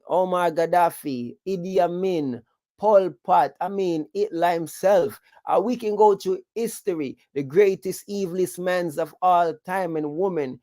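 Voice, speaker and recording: A man's voice: fairly high pitch, a little mellow, no room sound. A man with a Jamaican accent hosting a live stream, reflective and rambling, with patois tags. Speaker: host.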